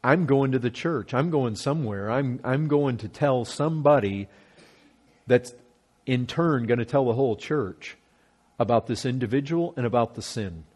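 A man's voice: medium pitch, moderate pace, a little mellow, slightly rough. A man preaching a sermon as a pastor, earnest and emphatic, repeating phrases to drive his points home.

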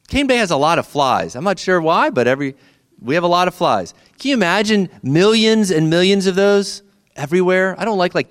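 A middle-aged man preaches a sermon in a relaxed, conversational way. His voice sits a little high for a man, and he keeps asking his listeners questions as he talks them through the story. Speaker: pastor.

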